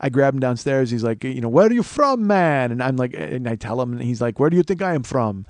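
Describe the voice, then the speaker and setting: A man's voice: medium pitch, a little fast, no room sound. A man hosting a podcast, telling a long profane story and acting out the people in it. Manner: animated, swearing, acts out quoted people. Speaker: comedian and podcast host.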